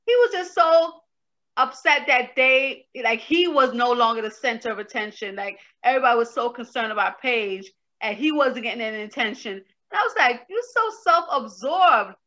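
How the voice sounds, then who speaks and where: A woman co-hosting a casual review chat, telling stories in an exasperated, animated way. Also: on the high side, moderate pace, dull audio. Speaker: co-host reviewing a reality show.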